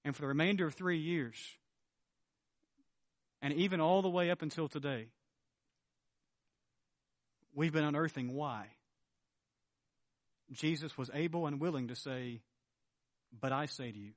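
A man preaching a sermon as pastor, emphatic, swinging between loud declarations and low, earnest tones. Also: measured pace, long pauses, no room sound.

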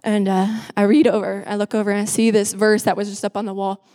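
A woman's voice: medium pitch, little pitch movement, quick pace, warm tone. A woman in her twenties, a pastor giving a personal testimony sermon on a church stage, speaking emphatically and repeating phrases for effect. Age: 20s. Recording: echoey hall with long reverb.

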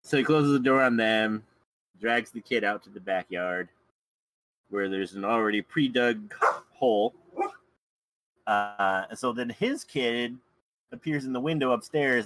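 A man's voice: mid-range voice, normal speed, long pauses, a bit bright, dry recording, poor audio. A man guest on a casual podcast, retelling a film plot and chuckling often as he goes. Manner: chuckles often while recounting scenes.

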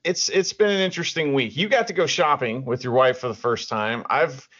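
A man's voice: mid-range voice, brisk, fairly bright tone, breathy edge. A man co-hosting a podcast in casual chat, ranting with lots of profanity and restarts. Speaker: podcast co-host. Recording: dull lo-fi audio.

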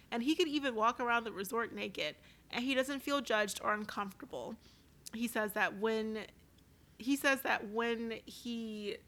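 A woman's voice: fairly high pitch, fairly bright tone. A woman co-hosting a casual podcast, recapping a reality show from her notes with lots of fillers. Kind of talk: casual chat.

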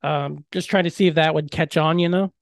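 Animated, swearing male podcast co-host. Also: a little high, fairly quick, gravelly, no room sound, studio quality. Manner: animated, swears a lot, jokes, jumps topics. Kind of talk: casual chat.

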